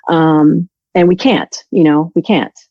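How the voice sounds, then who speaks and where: A woman's voice: sits low, steady tone, measured pace, warm tone, no echo, muffled recording. A woman guest on an interview show, telling her story in a candid, self-deprecating way and often restarting her sentences. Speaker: guest, law enforcement resilience instructor.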